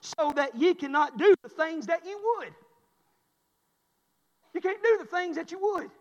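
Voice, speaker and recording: A man preaching a passionate sermon as pastor, swinging between shouts and low, intense passages. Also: lively intonation, a little slow. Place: church sanctuary. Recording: long hall reverb.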